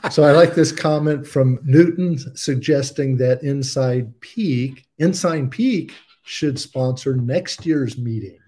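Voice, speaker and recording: A man's voice: mid-range voice, takes it slowly, few pauses, mellow. A man who is an author and guest on a live-streamed podcast, making dry, brief remarks. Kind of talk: casual live-stream chat.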